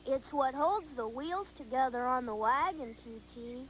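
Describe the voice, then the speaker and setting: A woman voicing Dumbo as a gentle, kind young elephant on a children's TV show, talking in a soft, reassuring, unhurried way. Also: high voice, lively intonation, a little hiss or hum, rough recording.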